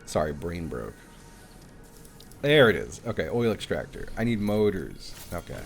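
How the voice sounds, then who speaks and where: A man's voice: sits low, sing-song, unhurried, creaky, soft background music. A young man streaming a game live, chatting casually, swearing and thinking aloud as he thanks viewers. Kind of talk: casual live-stream chat while playing.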